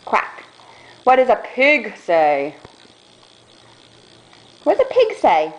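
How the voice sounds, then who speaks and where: A woman's voice: a little high, huge pitch swings, lo-fi sound. A young mother talking to her toddler at home in coaxing, sing-song baby talk. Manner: sing-song, drawn-out questions.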